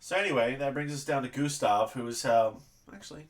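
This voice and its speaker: A man narrating as game master of a tabletop game, animated and quick to laugh. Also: medium pitch.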